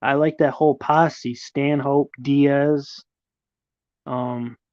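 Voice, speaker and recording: A man's voice: medium pitch, little pitch movement, extremely slow, darkish tone, dry recording, lo-fi sound. A middle-aged man hosting a livestream, chatting casually with viewers in a rambling, profane way. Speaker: livestream host. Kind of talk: casual live chat, answering viewers.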